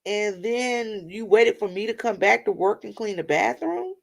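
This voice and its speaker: Brief: middle-aged woman vlogger, gravelly, rambling chatty delivery. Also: medium pitch, expressive, normal speed. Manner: chatty, rambling, addresses viewers as y'all. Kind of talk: casual storytelling vent to viewers.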